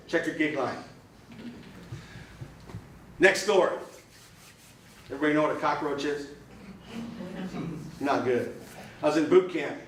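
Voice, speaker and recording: A man giving a motivational club speech in punchy, repeated phrases, with a fairly high voice. His voice rings around a roomy meeting room, picked up from a distance with faint noise behind. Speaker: club speaker. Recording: echoey room from far off.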